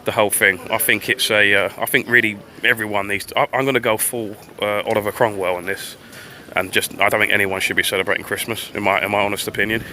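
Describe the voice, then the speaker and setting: Guy rambling and swearing on a phone stream outside, bright voice, bit of traffic behind. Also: on the low side, little pitch movement, fast talker. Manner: rambling, profane. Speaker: livestreamer. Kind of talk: casual walking commentary. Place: outdoors on a town street. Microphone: phone livestream.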